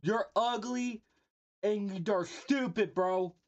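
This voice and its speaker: On a livestream, a woman with a medium-pitched voice speaks slowly, casually roasting people with playful mock insults and laughing at her own jokes. She talks both to chat and to a friend off-mic, and the audio sounds dull.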